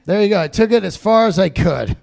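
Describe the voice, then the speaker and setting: High-voiced ranting comic man. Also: lively intonation, a little fast, creaky. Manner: loud, ranting, profane. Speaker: stand-up comedian. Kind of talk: stand-up set.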